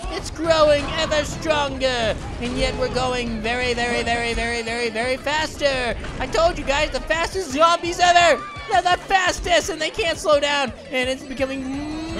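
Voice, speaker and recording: A squeaky, high-pitched talking orange rattles off hyper, silly commentary as he plays a game. He stutters and repeats words in bursts when he gets excited. Bright game music plays loudly underneath him the whole time. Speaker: gaming channel host.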